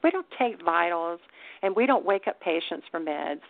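Jaded hospice nurse, blunt, with a gravelly low voice, as a woman reader puts her on, over a phone line. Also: lively intonation, normal speed, dry recording. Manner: blunt, matter-of-fact.

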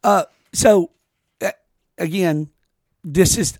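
A man's voice: high-pitched, moderate pace, creaky, no room sound, studio quality. A man hosting a podcast, telling rambling, profane stories with lots of restarts. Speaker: podcast host. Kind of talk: casual podcast chat.

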